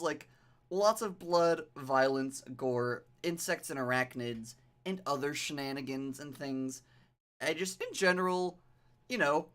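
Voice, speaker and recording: Animated, chatty game streamer. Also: mid-range voice. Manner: chatty, animated and self-deprecating; reads game text aloud in a vague pirate accent. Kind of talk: live game stream commentary.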